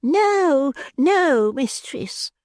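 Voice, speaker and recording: A narrator voicing a withered, ugly old pauper woman in an audiobook, with a thin, high, drawn-out wavering voice. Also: big pitch swings, a little mellow, no room sound, studio quality, heavily acted. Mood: grim. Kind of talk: audiobook character voice.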